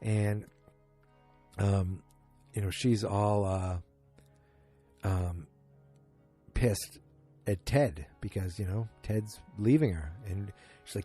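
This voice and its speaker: A man with a low, mellow voice talks through a show recap, rambling and correcting himself as he goes. He loosely acts out the characters' lines in his own voice. Faint music plays behind him. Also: a little slow, long pauses, slightly rough. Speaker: podcast host. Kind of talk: casual solo episode recap.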